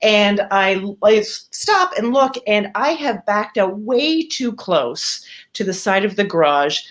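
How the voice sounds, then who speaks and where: A woman telling a personal story for a live storytelling show, conversational and animated, jumping up in pitch when she acts out quotes. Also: takes it slowly. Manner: conversational with fillers and self-interruptions.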